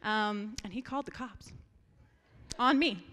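A woman's voice: mid-range voice, unhurried. Young woman telling family stories in a hall. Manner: lively storyteller, laughs often, turns earnest. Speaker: family member giving a eulogy. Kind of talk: memorial speech with funny anecdotes. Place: memorial gathering hall. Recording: reverberant hall.

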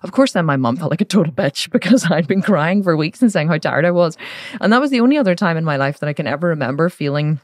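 A woman's voice: low-pitched, expressive, darkish tone, no room sound. Woman host, frank and chatty, recorded dry and close. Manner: frank, chatty, swears, quick asides. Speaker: podcast host. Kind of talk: candid personal monologue.

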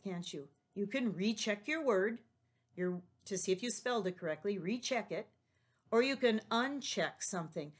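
A woman teacher giving a recorded lesson to young children, patient and encouraging, explaining each step. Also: medium pitch. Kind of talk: recorded remote class lesson.

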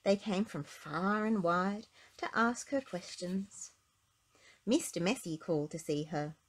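Expressive woman reading a picture book aloud. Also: on the low side, measured pace. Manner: expressive, sing-song. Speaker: storybook reader. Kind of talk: children's read-aloud narration.

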